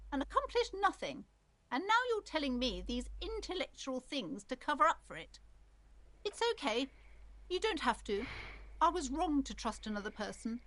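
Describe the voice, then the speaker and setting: A woman's voice: high voice, pushed and bright, no echo, exaggerated voice. A woman voicing a theatrical, superstitious, middle-aged female shopkeeper who speaks in a grandiose, melodramatic way. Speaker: game character.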